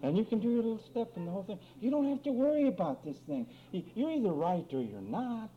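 A man preaching a lively sermon on marriage quarrels, acting out both spouses in mock voices and reading scripture. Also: sits high, fast talker. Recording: dull lo-fi recording with faint room noise.

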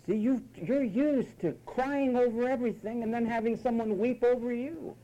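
A man's voice: extremely high pitch, normal speed, warm tone, highs cut off. A man preaching a sermon, emphatic and mocking, at times imitating whiny voices.

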